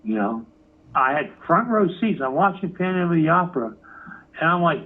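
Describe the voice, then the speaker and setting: A man's voice: a little high, big pitch swings, moderate pace. A man interviewed as a rock musician, telling stories with lots of swearing and acting out the other people in them. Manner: swears freely, acts out quotes. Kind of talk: animated storytelling interview. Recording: phone-like narrow audio.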